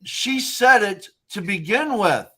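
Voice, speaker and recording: A male podcast host makes his points firmly and with conviction. His voice sits somewhat high for a man. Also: lively intonation, slow pace, pushed and bright, breathy edge. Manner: emphatic and opinionated. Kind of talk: podcast conversation.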